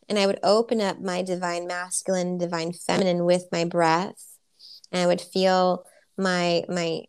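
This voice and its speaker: A woman talking as a spiritual healer guest in an interview, soft and dreamy, gushing with many ums and likes. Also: on the low side, clean tone. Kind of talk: casual interview talk.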